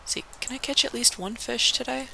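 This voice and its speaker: Casual young woman with a gravelly bright voice. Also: on the high side, fairly even intonation, fairly quick, slight background noise. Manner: rambling, profane, full of likes. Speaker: let's play host. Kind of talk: casual gaming commentary.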